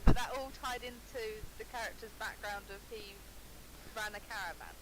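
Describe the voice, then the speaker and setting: A man's voice: sits high, fairly even intonation, moderate pace, rough recording. A man co-hosting a casual podcast, chiming in with short agreements and comments. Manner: brief agreeing interjections. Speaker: podcast co-host.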